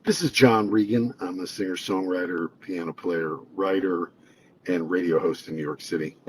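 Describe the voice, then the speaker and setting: Man, radio host, conversational tribute, lowish voice, faint background hiss. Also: steady tone, normal speed, low-quality recording. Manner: conversational, reflective, with fillers. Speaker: singer-songwriter and radio host. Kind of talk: spoken tribute.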